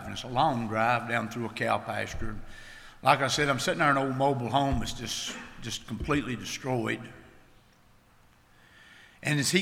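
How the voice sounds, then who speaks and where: A man giving an earnest, plain-spoken church testimony, halting now and then. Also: medium pitch, creaky, pushed and bright. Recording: long hall reverb.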